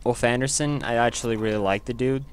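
A man giving casual commentary over his own gameplay, chatty and quick to exclaim when things go wrong. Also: medium pitch, slight background noise. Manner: chatty, easily frustrated, exclaims at setbacks.

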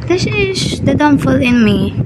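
A Filipino woman giving excitable live commentary while she plays a game, mixing English and Tagalog. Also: sits high, a little slow, very noisy. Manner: excitable, exclaims often, switches between English and Tagalog. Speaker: game streamer.

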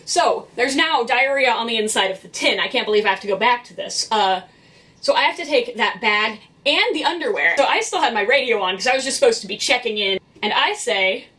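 A young woman vents on her vlog about cleaning up after strangers, blunt, exasperated and unafraid to swear. Her voice sits a touch high for a woman. It sounds a little distant from the microphone. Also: lively intonation, fairly quick, bright, forceful tone. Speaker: vlogger who works in retail cleaning. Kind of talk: venting storytime vlog.

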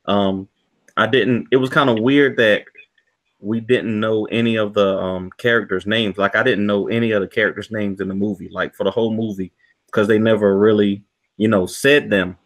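A man's voice: lowish voice, steady tone, normal speed. A man giving a casual movie review, rambling with lots of "you know" fillers. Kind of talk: casual podcast review chat.

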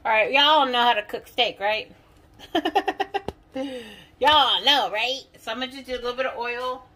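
Woman home-cooking vlogger, casual and talkative, bright, slight background hiss. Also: a little high, normal speed. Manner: chatty, talks straight to viewers. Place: home kitchen.

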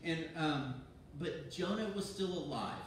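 A man, a pastor, giving a sermon in a lively, conversational way, often restarting his sentences. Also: on the high side, unhurried, slight background noise. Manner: animated, conversational preaching with restarts. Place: church sanctuary. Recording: very echoey church from far off.

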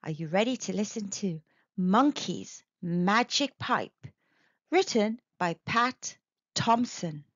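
A woman storyteller reading a children's picture book aloud in a slow, very expressive way. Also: mid-range voice, dry recording, dull audio.

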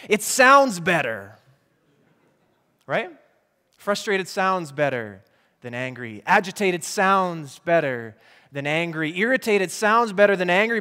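A man's voice: high-pitched, fairly bright tone, in a large hall. A man preaching a sermon as pastor in a church, earnestly asking the congregation questions. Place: church sanctuary.

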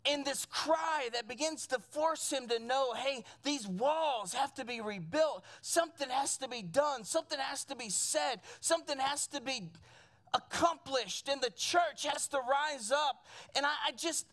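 High-voiced impassioned preacher. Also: moderate pace, a bit bright. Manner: impassioned, repetitive preaching with frequent restarts. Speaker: pastor. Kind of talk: sermon. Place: church sanctuary with a small congregation.

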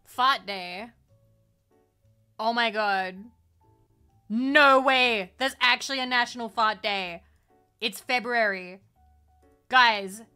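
A woman's voice: fairly high pitch, sharp tone, smooth. A woman streaming a game, chatting casually, giggling often and swearing freely. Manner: giggly, swears a lot, bursts into shrieking laughter. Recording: faint music behind.

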